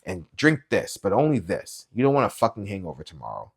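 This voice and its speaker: A man reading aloud, voicing a blunt, worried young adult sister who talks loud, fast and pushy, swearing often. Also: on the low side, huge pitch swings, gravelly, slightly rough, full character voice. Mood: agitated.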